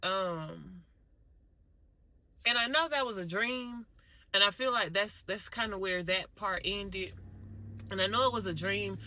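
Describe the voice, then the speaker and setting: A woman vlogger casually telling a story straight to her viewers, animated and conversational. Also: mid-range voice, measured pace, long pauses, poor audio.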